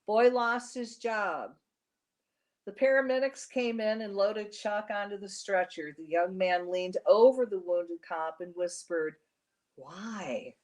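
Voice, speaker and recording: Middle-aged host, heartfelt storyteller, mid-pitched woman. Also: normal speed, few pauses, darkish tone. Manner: emotional, heartfelt. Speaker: show host. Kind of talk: storytelling narration.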